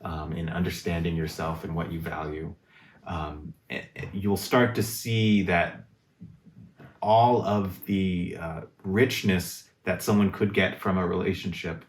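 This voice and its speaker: A man's voice: low-pitched, fairly even intonation, a little slow, slight background noise. A man talking in a reflective casual conversation, thinking aloud and searching for his words. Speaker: guest in a conversation on relationships. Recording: roomy echo.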